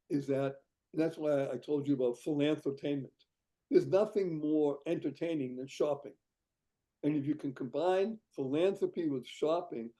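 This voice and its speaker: A man's voice: a little high, mellow. A man from Boston, a guest on an interview show, talking up his fundraising idea with exuberant, salesy enthusiasm and frequent laughs. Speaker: guest, founder of a charity fundraising site.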